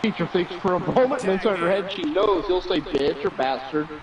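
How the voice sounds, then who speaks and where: A man's voice: high-pitched, fairly quick. A man co-hosting a wrestling show over an internet call, telling a long joke in a chatty, playful storyteller's manner. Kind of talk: casual chat and joke telling. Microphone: remote internet call. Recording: distant mic with loud crowd behind.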